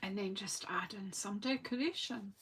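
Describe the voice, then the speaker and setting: A woman's voice: medium pitch, normal speed, a bit bright, slight background noise. A woman from Scotland, a craft demonstrator, chatting casually and thinking aloud as she works through a live crafting session.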